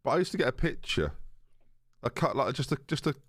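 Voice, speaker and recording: A young man chatting away to his stream viewers. His pitch swings up and down a lot as he jokes and riffs. The sound is dry and close, with no room echo. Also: big pitch swings, brisk, fairly bright tone. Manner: chatty, jokey, reads chat aloud. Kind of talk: casual live-stream chat with viewers.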